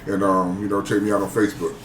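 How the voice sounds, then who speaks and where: A man's voice: fairly low pitch, flat delivery, fast talker. A man appearing as a guest poet on a podcast, easygoing with hesitant fillers. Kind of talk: casual podcast chat. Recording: distant echoey mic with faint noise.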